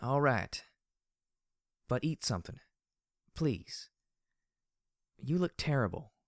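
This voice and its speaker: A man voicing a caring young mare who speaks softly with concern. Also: mid-range voice, animated, takes it slowly, no room sound, studio quality, voice pushed up. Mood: worried. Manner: soft, concerned.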